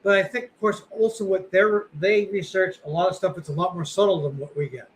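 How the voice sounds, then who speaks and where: A man with a fairly high voice talks casually as a podcast co-host. He rambles, stacks up fillers and restarts, and swears bluntly. A faint hum sits behind him. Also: fairly even intonation, fairly quick, rough recording.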